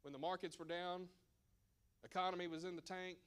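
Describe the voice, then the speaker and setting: A man's voice: high-pitched, flat delivery, fairly quick, fairly bright tone, clean tone. A man presenting at a church seminar as a financial advisor, conversational and emphatic with joking asides.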